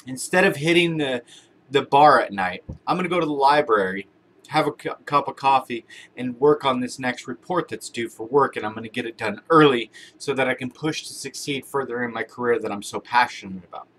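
A man's voice: medium pitch, brisk, a bit bright. Casual motivational man talking to camera. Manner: conversational, repeats phrases, uses everyday examples. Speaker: motivational vlogger. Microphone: camera-mounted shotgun mic.

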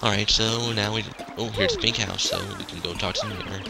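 A man with a lowish, gravelly voice and a steady tone talks briskly as a let's play commentator, offering casual commentary over a role-playing game and reading its dialogue aloud. He sounds hesitant, with lots of fillers and restarts, and game music plays underneath.

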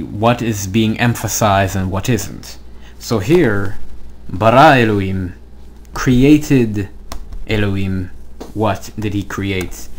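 A man's voice: lowish voice, slight background noise. A man teaching a language lesson online, explaining step by step and checking in with "okay?" as he writes on the screen. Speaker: Hebrew teacher.

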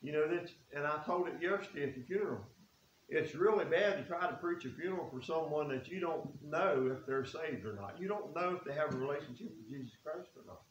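An earnest male preacher, talking in a folksy way and reading scripture between his own remarks. His voice sits a little high. The sound carries the echo of a church room over a faint hiss. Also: a little fast. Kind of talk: sermon.

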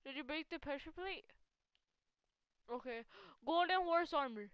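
A woman giving casual live gameplay commentary as a gaming channel host. She is excitable, laughs often and teases a teammate. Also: high-pitched, measured pace, no echo, highs cut off.

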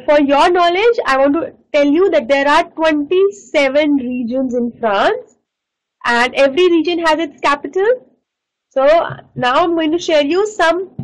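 High-voiced teacher drilling French words slowly. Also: female voice, rough recording. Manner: slow, repeats each word for pronunciation drills. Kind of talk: online class lesson.

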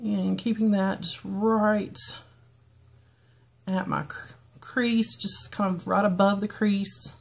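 A woman's voice: medium pitch, steady tone, slow, creaky, long pauses. A woman with a toned-down North Carolina foothills accent, chatting casually and rambling through a get-ready-with-me beauty vlog. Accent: Southern US, North Carolina foothills, toned down. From western North Carolina, US. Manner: chatty, rambling, frequent ums and restarts. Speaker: beauty vlogger.

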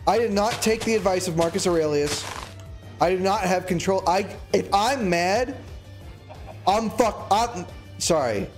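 Streamer, man in his twenties, high voice, agitated rambling rant, soft music bed. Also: unhurried. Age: 20s. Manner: rambling, agitated ranting with many restarts. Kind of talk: casual live-stream chat.

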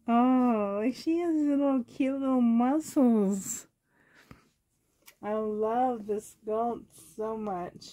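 Soft-toned, gushing Canadian woman. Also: on the high side, drawn-out words, pauses often, poor audio. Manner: gushing, giggly, rambling. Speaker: reborn doll vlogger. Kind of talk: casual chat, unboxing.

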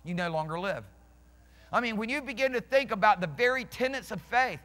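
High, bright-voiced preaching pastor. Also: male voice, expressive, brisk. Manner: emphatic, repeats and restarts, questions the congregation. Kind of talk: sermon. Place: church sanctuary. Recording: reverberant church hall.

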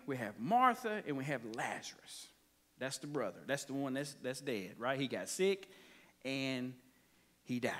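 A man's voice: a little high, a bit bright. A man preaching a folksy, conversational sermon, often checking in with his congregation. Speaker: pastor.

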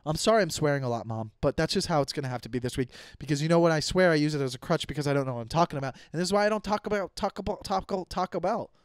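A young man rants on his comedy podcast in a slightly high voice, swearing freely and tripping over his own sentences as he restarts them. The sound is close and dry, with no room around it. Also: lively intonation, rapid-fire, hardly any pauses, dry recording. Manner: profane, rambling with many restarts. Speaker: podcast host. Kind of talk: casual comedic rant.

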